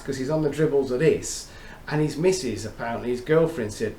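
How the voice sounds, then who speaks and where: A man's voice: mid-range voice, brisk, mellow. Chatty man in a roomy space. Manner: chatty, chummy, storytelling. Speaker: fragrance reviewer. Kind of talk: casual chat to camera. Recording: roomy echo, faint background noise.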